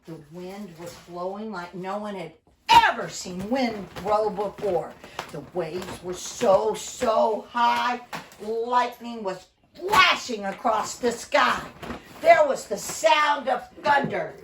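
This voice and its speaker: A woman telling a Bible story to children, animated and talking straight to them. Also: mid-range voice, slow. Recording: roomy echo, distant mic, faint noise.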